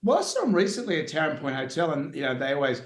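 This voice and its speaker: An Australian man and radio host, telling lively anecdotes in casual chat and acting out the quotes. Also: fairly high pitch, racing, echoey room, crowd noise. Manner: animated anecdotes with acted-out quotes.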